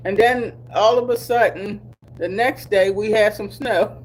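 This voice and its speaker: A woman's voice: mid-range voice, a little hiss or hum. A middle-aged woman from Delaware chatting casually with her viewers in a drawling, easygoing way. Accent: Black American English. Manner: chatty, slow and drawling, with laughs and asides. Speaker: vlogger. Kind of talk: casual live chat with viewers.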